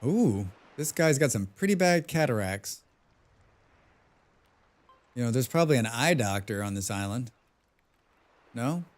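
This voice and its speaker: A man's voice: medium pitch, lively intonation, a little slow, pauses often. A man streaming a video game, rambling and joking about himself as he plays. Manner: rambling, joking, self-deprecating. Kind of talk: casual gaming livestream commentary.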